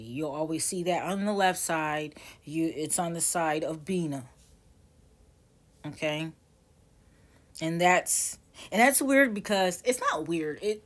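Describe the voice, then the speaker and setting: A woman in her forties teaching tarot casually, rambling and correcting herself as she goes. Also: fairly low pitch. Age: 40s. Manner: rambling, self-correcting, chatty.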